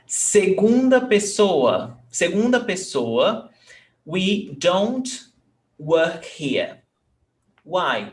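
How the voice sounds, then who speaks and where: A man teaching an online language class. His voice sits a little high for a man, and he speaks in an unhurried, deliberate way. He breaks his explanations with frequent check-ins to make sure his students are following. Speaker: Portuguese teacher.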